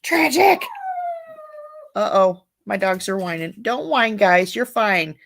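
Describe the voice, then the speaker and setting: A woman's voice: medium pitch, measured pace, gravelly, a bit bright. A woman hosting a casual livestream, reading viewer comments aloud and chatting bluntly, with frequent swearing and laughter. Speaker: livestream host.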